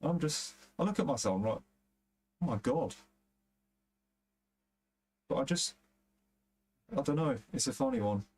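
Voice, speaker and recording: A man's voice: medium pitch, animated, a little fast, darkish tone, breathy edge. A young man with a London-area accent, chatting casually and rambling on a game stream, swearing freely and using plenty of fillers. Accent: London area English. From England. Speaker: gaming streamer. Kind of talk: casual chat while streaming a football game.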